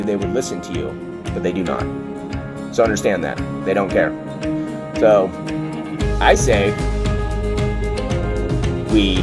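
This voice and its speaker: A man giving a heated, profane political rant, with sudden loud outbursts. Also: lowish voice. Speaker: online ranter.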